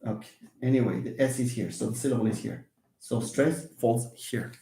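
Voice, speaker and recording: A man's voice: mid-range voice, normal speed, background noise. A man teaching English word stress in a live online lesson, explaining patiently and repeating example words. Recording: echoey room.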